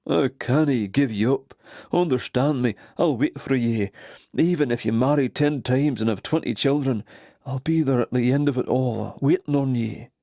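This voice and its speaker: A man plays a passionate Highland warrior with a Scottish brogue, earnest and pleading. The voice is gravelly and sits at a middling pitch. It is recorded dry and close for an audiobook. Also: normal speed, mellow, no echo, close to an everyday voice. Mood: tender. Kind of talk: audiobook character voice.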